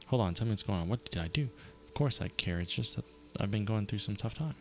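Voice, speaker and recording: A man streaming a video game, reading its narration aloud and reacting with quick casual asides. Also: lowish voice, gravelly, a bit bright. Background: game music.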